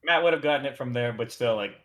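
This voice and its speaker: A man's voice: mid-range voice, fast talker, fairly bright tone. A man co-hosting a reaction video over a call, chatting casually and laughing easily. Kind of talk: casual chat.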